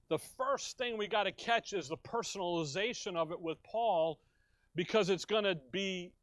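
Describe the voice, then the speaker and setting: A middle-aged man from Chicago preaches a sermon in a folksy style and breaks into joking asides with his listeners. His voice sits a little high for a man. The sound is dry, with hardly any room echo. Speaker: pastor. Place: church.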